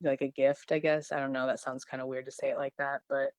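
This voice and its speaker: A woman's voice: a bass voice, little pitch movement, quick pace, dry recording, studio quality. A woman from Missouri, a podcast guest, telling her encounter in a casual, rambling way with many fillers and restarts. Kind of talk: casual storytelling.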